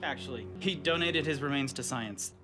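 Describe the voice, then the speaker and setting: A man's voice: medium pitch, normal speed, lightly acted. A man acting a wry, sardonic character in a scripted film scene. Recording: film clip with music behind.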